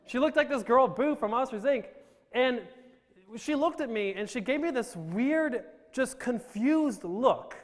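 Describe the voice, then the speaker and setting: A man's voice: very high voice, animated, unhurried. A man from Romania telling his life story to a live audience with self-deprecating jokes and rambling restarts. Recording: reverberant hall.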